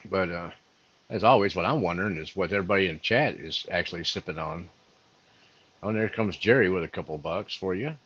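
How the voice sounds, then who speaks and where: A man's voice: sits low, a little fast, fairly bright tone, husky, dull audio. A man co-hosting a casual livestream, laid-back and agreeable, reading from chat. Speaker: livestream co-host.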